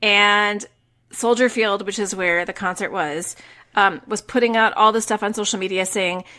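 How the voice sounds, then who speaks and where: A middle-aged woman co-hosting a podcast, telling a personal story in casual chat with lively delivery and casual swearing. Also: medium pitch, moderate pace. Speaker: podcast co-host.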